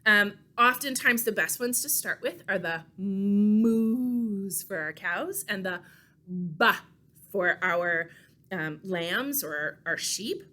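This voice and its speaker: A young adult woman, a children's librarian leading a baby storytime with songs and puppets, gentle and playful in a sing-song way. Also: medium pitch, slow pace.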